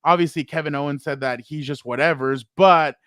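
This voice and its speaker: Excitable man talking wrestling, higher voice. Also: a little fast, dry recording, studio quality. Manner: excitable, laughs while retelling stories; acts out other people's lines in a raised voice. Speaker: podcast co-host. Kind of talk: casual sports chat.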